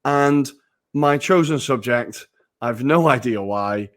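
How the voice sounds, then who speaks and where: A man co-hosting a casual podcast, self-deprecating and quick to laugh, swearing casually. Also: medium pitch. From Britain. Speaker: podcast co-host.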